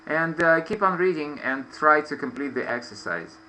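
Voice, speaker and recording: A man's voice: a little high, animated, moderate pace, sharp tone, a little hiss or hum, rough recording. A man teaching English in an online lesson, explaining patiently with many fillers. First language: Russian. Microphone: video call.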